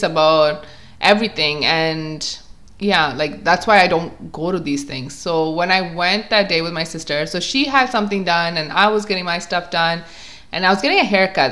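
A young woman vlogger telling a casual story, chatty and animated, filling her talk with "like" and acting out what people said. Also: on the low side. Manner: chatty, filler-heavy with constant "like"; animated, acts out quotes.

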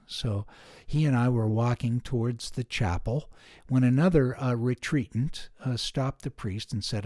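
An older man with a warm, mellow voice shares a reflective personal testimony as a podcast host. He speaks softly and earnestly, pausing and restarting now and then. The recording is dry and close, with no room sound. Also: medium pitch, no room sound. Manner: soft-spoken and earnest, with gentle hesitations.

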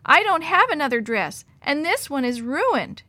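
A sobbing little girl pleads in a high, breaking voice, as a woman storyteller puts her on. The tone is bright and raised over the reader's own, and the sound is close and dry. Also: sing-song, moderate pace, dry recording, full character voice. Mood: tearful. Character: young girl, tearful and disappointed.

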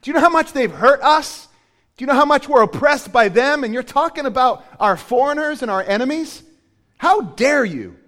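A man preaching acts out an indignant male member of a hometown crowd, loudly shouting outraged questions. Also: very high-pitched, lively intonation, moderate pace, voice pushed up.

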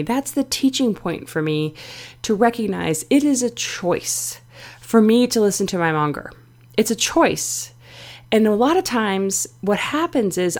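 A middle-aged woman talks through her own podcast on her own, candid and confessional, with loose fillers along the way. Her pitch sits in an ordinary middle range for a woman. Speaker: podcast host. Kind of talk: reflective solo podcast talk.

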